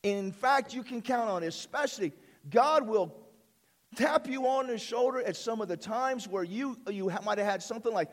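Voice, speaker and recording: Speaking animatedly at normal speed, a male pastor preaches in a fairly high voice. His sermon relies on repeated lines and call-and-response, as he asks "amen?" to get the congregation answering.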